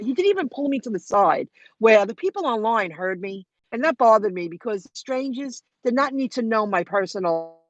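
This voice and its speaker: A woman's voice: medium pitch, dry recording, muffled recording. A woman telling a story in a chatty, rambling way on a live stream, talking straight to her viewers from her car. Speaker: vlogger hosting a live stream. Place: in her car while driving.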